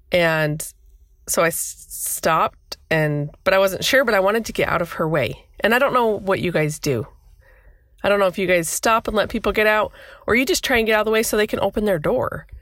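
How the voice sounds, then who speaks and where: A woman's voice: medium pitch, fairly bright tone, dry recording, clean studio sound. A woman in her thirties hosting a podcast, telling a personal story in an emotional, flustered, rambling way. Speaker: podcast host.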